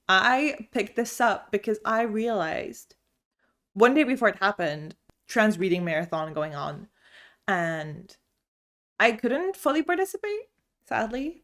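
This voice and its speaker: A young woman reviewing her monthly reading in a casual vlog, gushing and chatty, often restarting her sentences. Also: medium pitch. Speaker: book vlogger. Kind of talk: casual book review chat. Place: home room lit by sun.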